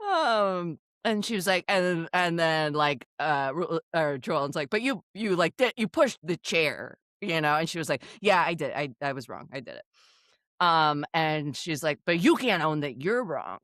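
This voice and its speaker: Animated woman recapping with lively pitch. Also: moderate pace, no echo, studio quality. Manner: animated storytelling, acting out quotes, frequent laughs. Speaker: podcast co-host. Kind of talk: casual recap chat.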